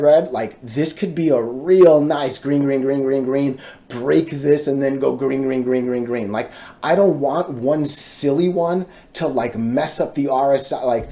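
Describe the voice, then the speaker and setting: A man giving casual, excitable stock chart commentary, chanting repeated words and checking in with viewers. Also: medium pitch. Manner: talks to viewers directly, frequent "right?" and "all right?".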